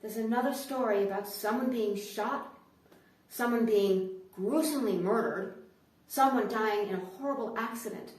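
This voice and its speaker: A woman performing a sarcastic stand-up comedy monologue, swinging from hushed asides to loud outbursts. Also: fairly high pitch, normal speed, very echoey, distant mic.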